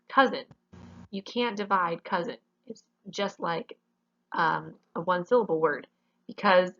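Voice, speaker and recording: A woman's voice: fairly low pitch, fairly bright tone, dull audio. A woman teaching a grammar lesson in a classroom, explaining each rule step by step and often checking with "okay?".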